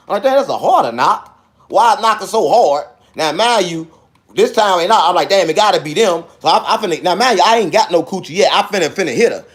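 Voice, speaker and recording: A man telling a wild personal story in casual speech, acting out the dialogue and punctuating it with sound effects. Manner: animated, acts out dialogue with sound effects like "boom".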